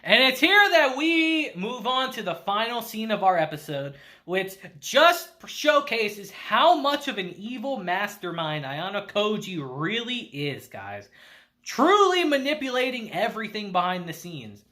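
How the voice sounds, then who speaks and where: Male anime reviewer, casual recap, lively pitch, bright tone, loose and profane. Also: unhurried. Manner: laid-back, swears, chuckles often.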